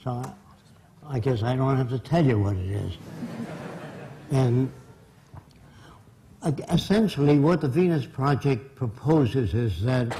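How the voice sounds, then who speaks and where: A man lecturing an audience with a mellow, darker tone. He speaks bluntly and emphatically, driving each point home. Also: mid-range voice, lively intonation, slow, pauses often, a little hiss or hum, poor audio. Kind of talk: public lecture.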